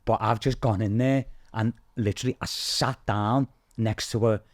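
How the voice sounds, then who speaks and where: A man's voice: on the low side, fairly even intonation, moderate pace, no echo, studio quality. A man with a Scouse accent, a podcast guest chatting casually and rambling through stories, full of "like" and "obviously". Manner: rambling storyteller, leans on "like" and "obviously". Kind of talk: casual chat.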